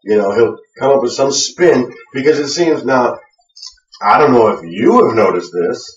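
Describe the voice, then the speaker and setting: A man's voice: medium pitch, animated, moderate pace. A man co-hosting a web wrestling show, chatting casually with lots of fillers and restarts. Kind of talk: casual chat with hesitant fillers. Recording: echoey room, distant lo-fi mic.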